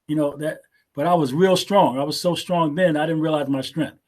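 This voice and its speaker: A man's voice: a little high, brisk, darkish tone. Laid-back older man telling war stories. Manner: laid-back, repeats words when restarting. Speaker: guest, martial arts teacher. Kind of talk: casual storytelling interview.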